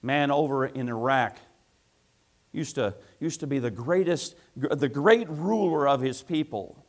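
A man preaching a sermon as pastor, building to loud emphatic peaks and asking rhetorical questions. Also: medium pitch, a little slow.

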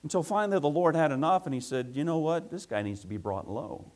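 A man preaching a sermon as pastor, building to loud emphatic peaks and asking rhetorical questions. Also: a little high, animated, quick pace.

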